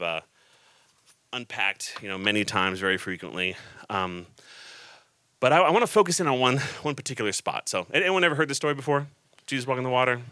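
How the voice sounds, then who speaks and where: A man preaching a casual, joking sermon to a laughing audience, reading scripture aloud with animated storytelling. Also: on the low side, no room sound.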